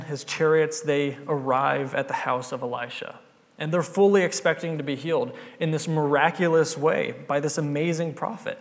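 A man preaching a sermon, retelling a Bible story in an earnest, conversational way. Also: a little high. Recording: long hall reverb.

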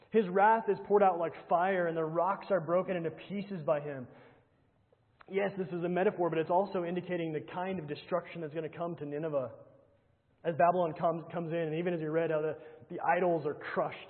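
A man preaching a sermon, earnestly reading scripture aloud and pressing his point with rhetorical questions and repetition, often dropping to a low hush. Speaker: pastor. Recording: tinny phone-like sound with long hall reverb.

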